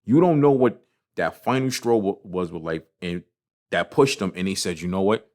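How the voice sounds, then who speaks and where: A man's voice: low voice, moderate pace, darkish tone. A man hosting his own podcast, talking casually and passionately about failure, swearing often and repeating himself. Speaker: podcast host. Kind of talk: casual motivational monologue.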